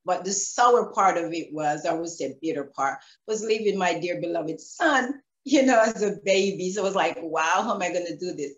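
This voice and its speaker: Woman, Jamaican accent, lively storytelling, laughs, interview guest, echoey room. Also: fairly low pitch, moderate pace, hardly any pauses, highs cut off. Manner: animated, laughing, acts out quotes. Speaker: guest, former track athlete.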